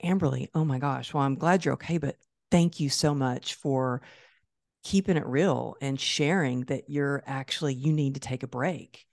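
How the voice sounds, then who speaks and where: A woman hosting a podcast, sharing a personal story in an earnest, quick way. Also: rumbling low, creaky, darkish tone, no echo, clean studio sound. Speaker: podcast host. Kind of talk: candid conversational sharing.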